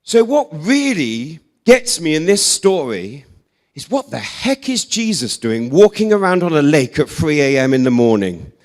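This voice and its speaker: A young English man gives a casual sermon full of funny stories. His voice sits a bit high for a man. He talks in a loose, self-deprecating way, with lots of fillers. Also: a little slow. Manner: chatty, self-deprecating, animated storyteller with many "like"s and "um"s. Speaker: preacher.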